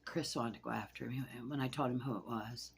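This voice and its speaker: A woman telling a personal story to camera in a rambling, halting way, shaken and anxious, with hushed asides. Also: a bass voice, steady tone, creaky, a little hiss or hum.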